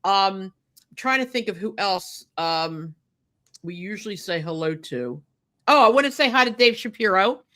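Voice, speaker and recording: A woman's voice: medium pitch, lively intonation, moderate pace, sharp tone. A woman co-hosting a podcast, chatting casually and getting indignant about a wrestling match, with lots of fillers and restarts. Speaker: podcast co-host.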